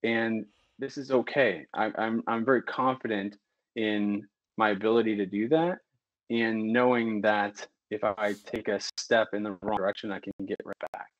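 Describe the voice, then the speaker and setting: A man who is a physician, guest on a podcast, talking candidly and getting animated and heated as he goes. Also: on the low side, normal speed, no echo, dull audio. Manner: candid and animated, works himself into heated rants. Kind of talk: casual podcast conversation.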